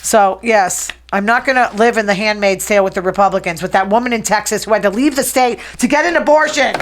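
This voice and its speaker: A woman hosting a casual gossip show, talking fast, chatty and opinionated. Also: medium pitch. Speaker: host.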